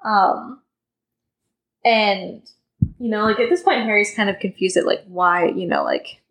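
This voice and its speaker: A woman's voice: mid-range voice, measured pace, fairly bright tone, low-quality recording. A young woman co-hosting a podcast, chatting casually about a book with lots of filler words. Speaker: podcast co-host.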